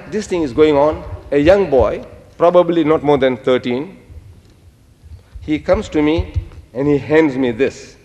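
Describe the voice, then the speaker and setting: An older man giving an animated public lecture, telling stories and quoting Arabic phrases. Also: fairly high pitch, long reverb tail.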